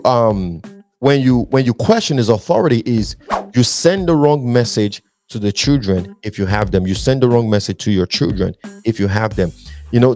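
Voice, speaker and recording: A man's voice: mid-range voice, darkish tone. A man hosting a relationship podcast, giving earnest, emphatic advice and repeating his points. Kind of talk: preachy relationship advice talk.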